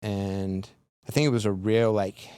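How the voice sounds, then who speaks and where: A man's voice: fairly low pitch, fairly even intonation, unhurried, mellow, clean tone, dry recording. A man on a podcast, casually telling a long story full of "like" fillers. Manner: rambling, filler-heavy retelling with lots of "like". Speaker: podcast guest.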